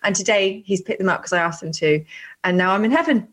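A woman's voice: mid-range voice, expressive, quick pace. A woman co-hosting a casual podcast, giggly and gushing, swearing freely. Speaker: podcast co-host.

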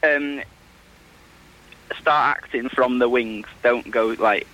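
A man's voice: mid-range voice, steady tone, slow pace, pushed and bright, poor audio. A man who acts on stage, calling in to chat, answering hesitantly and briefly. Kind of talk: casual phone-in chat.

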